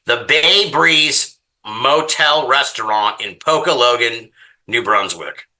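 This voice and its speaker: A man's voice: mid-range voice, slow. A man telling a story as a podcast guest, swearing often and sounding exasperated as he recounts it. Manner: profane, exasperated, animated storytelling. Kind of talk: casual storytelling.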